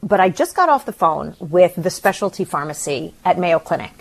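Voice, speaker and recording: A middle-aged woman co-hosting a radio show, talking in a shaken, emotional way with halting restarts. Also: on the low side, big pitch swings, gravelly. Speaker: radio co-host. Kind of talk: casual radio talk.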